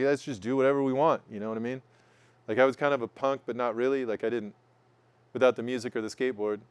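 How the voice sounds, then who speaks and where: A man's voice: medium pitch, clean tone, no room sound. A man in his forties from Oregon, telling a profane, self-mocking story in casual chat and acting out what people said. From Oregon, United States. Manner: animated, profane, self-mocking, acts out voices. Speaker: guest storyteller.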